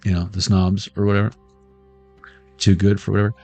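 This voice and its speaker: Give me a low-voiced man drifting through a tarot reading, dry close sound with faint music underneath. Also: little pitch movement, brisk, a little mellow, no echo. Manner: rambling, word-associating, laughs often, sings snatches of old songs. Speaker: tarot reader. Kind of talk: casual intuitive reading, free association.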